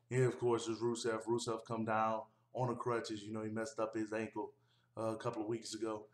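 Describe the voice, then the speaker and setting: A man's voice: lowish voice, completely flat delivery, a little fast. A man giving a casual, rambling recap of a wrestling show, with easygoing delivery and frequent fillers. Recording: roomy echo.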